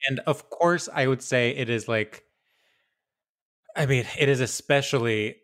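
A man hosting a casual podcast, with campy jokes and deadpan asides. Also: medium pitch, a little slow. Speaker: podcast host.

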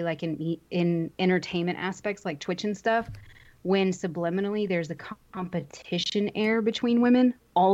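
A woman's voice: lowish voice, highs cut off. A woman co-hosting a livestream, talking frankly and chattily, thinking aloud as she goes. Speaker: streamer, co-host. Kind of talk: casual chat on a livestream.

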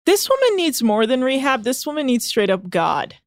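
A woman co-hosting a podcast, recapping a reality show in fast, exasperated casual chat. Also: high-pitched, sing-song, no echo, studio quality.

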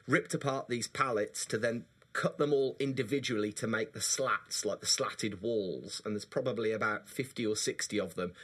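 Bright, husky-voiced man, joking. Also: on the low side. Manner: animated, laughs often, jokey exaggeration. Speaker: podcast co-host. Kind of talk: casual chat.

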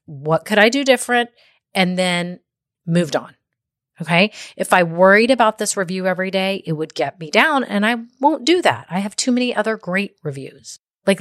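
A woman's voice: medium pitch, no echo. Chatty woman podcast host, dry sound. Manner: chatty and encouraging, with frequent "okay?" and "right?" check-ins. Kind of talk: motivational business podcast talk.

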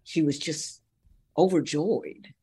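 A woman from Ohio, a guest on a talk podcast, telling a story with emphatic, drawn-out phrasing. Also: low-pitched, dark tone, husky. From Columbus, Ohio. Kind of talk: storytelling in casual interview.

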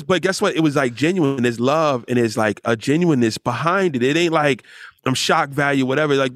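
A man's voice: mid-range voice, moderate pace, no echo, studio quality. A man guesting on a podcast, talking casually and heaping praise on the host. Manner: effusive, warm praise, frequent restarts. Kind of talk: casual chat.

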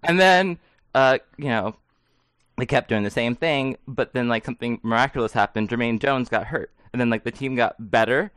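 A man's voice: medium pitch, steady tone, brisk, a bit bright, clear, resonant tone, dry recording. A man co-hosting a sports podcast, chatting casually, rambling and joking with frequent laughs. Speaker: podcast co-host.

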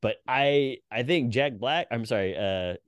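A man co-hosting a podcast in casual chat, playful, laughing often and trying quick impressions. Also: medium pitch, no echo, muffled recording. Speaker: podcast co-host.

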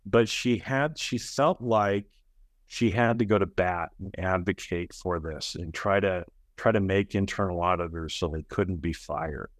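A man's voice: low-pitched, unhurried, no room sound, studio quality. A man speaking as a podcast guest, blunt and emphatic, often asking "right?" and acting out other people's lines. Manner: emphatic, acts out quoted people in raised voices; blunt, uses casual profanity. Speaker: guest, audit training company head. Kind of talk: conversational podcast interview.

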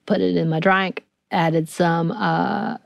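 Southern woman, podcast co-host, casual rambling talker, lowish voice, dry studio sound. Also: steady tone, slow pace, gravelly, no echo, highs cut off. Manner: chatty, rambling, laughs often. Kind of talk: casual chat.

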